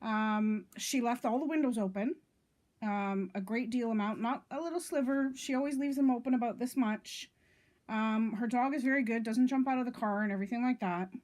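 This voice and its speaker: A woman's voice: fairly high pitch, moderate pace, a little mellow. A middle-aged woman talking straight to her viewers in a casual vlog, indignant and rambling, with lots of "um" and "okay?" along the way. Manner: indignant, rambling, many fillers and "okay?" checks. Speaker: vlogger.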